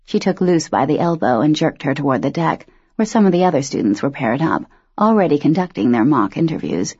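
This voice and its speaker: Low, husky female narrator, steady audiobook read, dry dull recording. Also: fairly quick, no room sound. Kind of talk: scripted narration.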